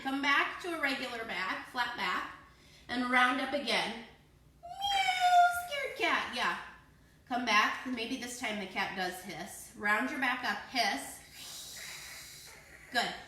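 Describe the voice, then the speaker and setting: Her voice a little high, a bright, playful kids' yoga teacher leads children through a class, encouraging them and cueing their poses and breaths. The room is echoey and there's slight background noise.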